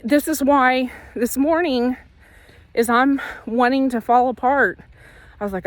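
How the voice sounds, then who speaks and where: A woman's voice: high-pitched, a little slow, no room sound. Earnest woman giving a faith pep talk. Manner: earnest, repetitive, self-correcting; walking while talking. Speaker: faith vlogger. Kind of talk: casual motivational talk.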